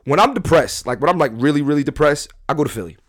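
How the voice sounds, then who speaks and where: A middle-aged man hosts a casual podcast and spins a story, acting out the people he quotes. His pitch swings widely and sits a bit high. The sound is dry and close. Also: expressive, fast talker, no room sound. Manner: storytelling, acts out quotes with big pitch jumps and shouts. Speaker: podcast host.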